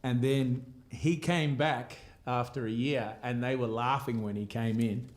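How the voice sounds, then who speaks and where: A man's voice: mid-range voice, a little slow. A man, a musician chatting casually and laughing as he hosts a live stream. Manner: relaxed, chatty, laughs often. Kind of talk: casual chat between songs.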